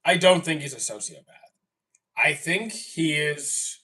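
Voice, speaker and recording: Young Canadian man for a casual stream chat: bright, somewhat high voice, rambles and self-corrects, sits back from the mic. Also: lively intonation, unhurried, recorded from a distance.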